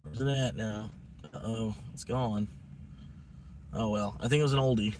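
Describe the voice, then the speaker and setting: A man's voice: lowish voice, fairly even intonation, moderate pace, background noise. Laid-back man streaming. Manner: rambling, laid-back, chuckles often. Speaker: live streamer. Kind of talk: casual stream chat.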